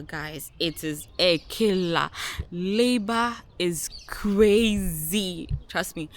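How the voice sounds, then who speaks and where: A young woman vlogger telling a personal story to her viewers in a casual, animated way, laughing often and acting out what people said. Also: on the low side. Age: young adult. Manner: animated, laughing, acts out quotes.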